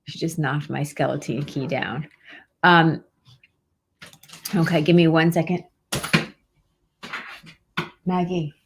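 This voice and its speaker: Woman host, low voice, casual live-stream chat, reassuring, rambling. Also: steady tone, slow, gravelly, long pauses, slight background noise. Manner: warm-hearted, reassuring, rambling with many fillers. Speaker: host and pet medium.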